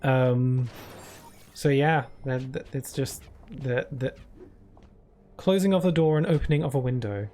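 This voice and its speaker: A man's voice: mid-range voice, measured pace, pauses often, warm tone. A man streaming live, chatting casually through rambling stories full of fillers. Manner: rambling anecdotes with many fillers.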